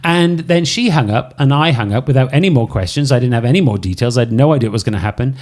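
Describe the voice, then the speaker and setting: A middle-aged Welsh man, a podcast co-host, telling a story in a lively, self-deprecating way. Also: mid-range voice, quick pace. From Wales. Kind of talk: casual storytelling chat.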